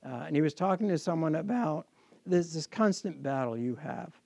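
Male pastor, sermon, gravelly voice, high pitch, dry sound. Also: expressive, moderate pace, a little mellow, no room sound. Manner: earnest, repeats words when restarting.

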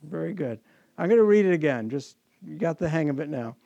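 A man's voice: fairly high pitch, lively intonation, a little fast, gravelly, dark tone, no echo. A man preaching a sermon as pastor to his congregation, earnest and often repeating words as he restarts.

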